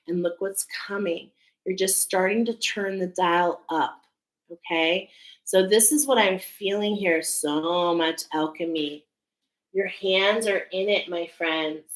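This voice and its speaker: A woman's voice: lowish voice, a little slow, echoey room, rough recording. A woman giving a spiritual oracle card reading to her viewers, earnest and emphatic, often checking in with "okay?".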